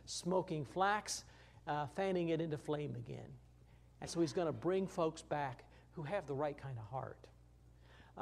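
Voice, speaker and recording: A man with a slightly higher voice than most, teaching a Bible passage verse by verse. He talks in a relaxed, folksy way with plenty of fillers and false starts. He pushes up louder for emphasis, then drops soft and low for the tender points. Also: gravelly. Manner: conversational, folksy, with frequent fillers and restarts.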